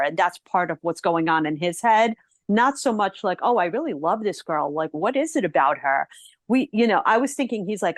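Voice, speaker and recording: An animated woman talking through a film with her podcast co-host, slipping into quick voiced asides for the characters. Her voice sits at an everyday middle pitch and sounds close and dry, with no room around it. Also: no room sound. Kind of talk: casual film discussion.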